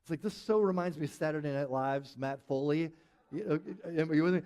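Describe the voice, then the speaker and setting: High-voiced animated preacher. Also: male voice, a little fast. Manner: animated, storytelling, acts out quotes. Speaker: pastor. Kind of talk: sermon. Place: church service with live audience.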